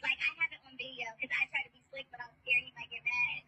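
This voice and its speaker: A woman's voice: sits high, flat delivery, quick pace, pushed and bright, slightly rough, recorded from a distance, rough recording. A woman animatedly and exasperatedly retelling what happened, heard in a played clip. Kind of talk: casual storytelling clip.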